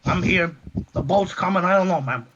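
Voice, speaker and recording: A man playing a slick, cocky hustler with a high, easygoing drawl, tossing in "man" all the time. The sound is dull and lo-fi. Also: moderate pace, fairly bright tone. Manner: laid-back, tosses in "man" constantly.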